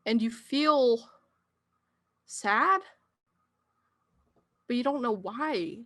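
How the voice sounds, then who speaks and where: Slow-speaking woman game master. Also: a little high, animated, a bit bright. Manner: hesitant, with fillers. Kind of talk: narrating a tabletop game.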